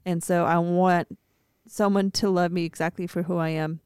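Woman co-host, smooth clear tone, dry close sound, animated storyteller. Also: lowish voice, moderate pace, no echo. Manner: animated, acts out quoted voices. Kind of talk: casual faith-based chat.

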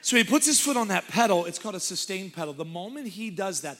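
A man with a Texan accent preaches with a high, bright voice. He is lively and laughs often, slipping into character voices as he tells a comic story from the pulpit. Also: fast talker. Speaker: guest pastor.

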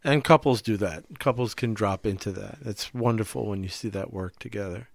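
A middle-aged man co-hosting a relaxed talk, a therapist speaking reflectively and acting out the lines he quotes. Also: lowish voice, normal speed, gravelly, no room sound. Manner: reflective, animated, acts out quoted speech. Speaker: podcast co-host, therapist. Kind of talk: casual conversation.

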